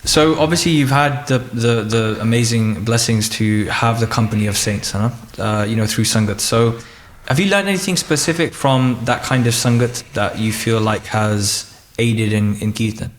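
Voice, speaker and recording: A man hosting a podcast interview, relaxed, with frequent short acknowledgements. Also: mid-range voice, moderate pace, few pauses, a little hiss or hum. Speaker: podcast host. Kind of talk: conversational interview.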